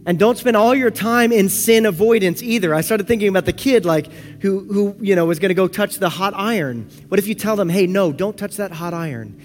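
A man preaching a sermon as pastor, earnest, moving between soft slow passages and lively, louder ones. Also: sits high. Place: church sanctuary.

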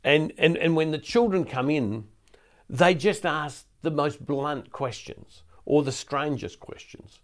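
A man's voice: fairly high pitch, slow. Older man preaching in easy conversation. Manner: conversational, with frequent restarts and repeated words. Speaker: Catholic preacher. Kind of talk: recorded teaching talk. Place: ministry centre studio.

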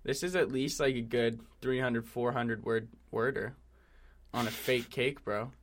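A man of middle pitch co-hosting a casual podcast. He gets animated, riffs with mock outrage and swears a lot. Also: measured pace. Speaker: podcast co-host.

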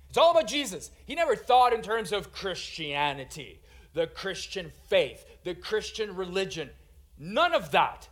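Guy with a high voice preaching, goes loud then real quiet, calls everyone guys. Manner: dynamic, swinging from loud emphatic to hushed quiet; addresses listeners as "guys". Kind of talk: sermon.

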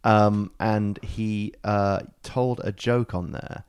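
A man's voice: lowish voice, fairly even intonation, slow pace, darkish tone, clear, resonant tone. An Australian man co-hosting a casual podcast, rambling through a joke with lots of fillers. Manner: rambling, filler-heavy storytelling with hearty laughs. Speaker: podcast co-host. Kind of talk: casual pub-style banter, telling a joke.

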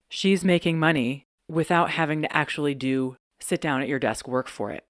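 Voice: mid-range voice, no room sound, studio quality. A podcast host talking alone in a chatty, candid way, laughing often. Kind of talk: solo podcast monologue.

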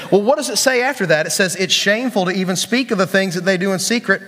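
A man's voice: sits high, quick pace, fairly bright tone, long reverb tail. A man preaching a casual sermon to young people, joking and asking the crowd questions. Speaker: youth pastor.

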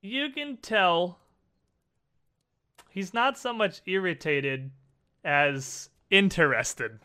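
A male game master narrates a tabletop game in a bright, clear voice. He takes an unhurried pace and stretches words out for dramatic emphasis. His storytelling is lively and expressive. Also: high-pitched.

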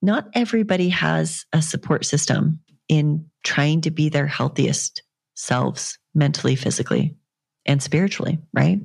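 A young woman hosts her own fitness podcast, talking on her own in a rambling, earnest and encouraging way. Her voice sits low, with a gravelly fry running through it. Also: moderate pace, darkish tone. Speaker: fitness coach and podcast host. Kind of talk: casual solo podcast monologue.

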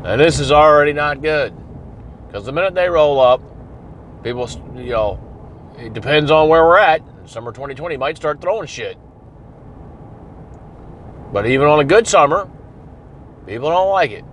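A man's voice: a little high, expressive, moderate pace, pauses often, a bit bright, a little hiss or hum. A man telling a story in a blunt, profane, conversational way. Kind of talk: casual storytelling monologue.

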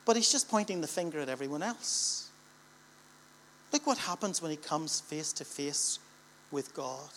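A man's voice: on the high side, animated, normal speed, pauses often, a bit bright. Northern irish guy preaching in church, middle-aged, stacks up repeated lines and punches them hard. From Northern Ireland. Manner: rhetorical, building repetition with emphatic swells. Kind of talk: sermon. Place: church gathering.

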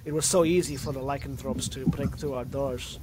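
A man's voice: medium pitch, fairly even intonation, brisk, heavy background noise, voice pushed down, natural voice. A man voicing a stern male dwarf blood hunter with a Scottish accent that slips toward Russian. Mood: grim. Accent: Scottish drifting into Russian.

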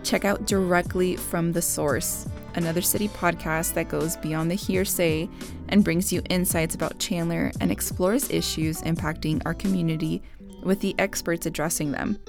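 A woman hosting a podcast, reading an upbeat promotional outro. Her voice sits on the low side with a gravelly edge. Clear plucked guitar music plays underneath her. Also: steady tone, normal speed. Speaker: podcast host.

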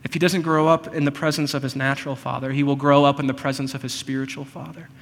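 A man's voice: mid-range voice, flat delivery, gravelly. Earnest male preacher in a reverberant hall. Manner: earnest, personal, slows for emphasis. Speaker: pastor. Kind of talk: sermon.

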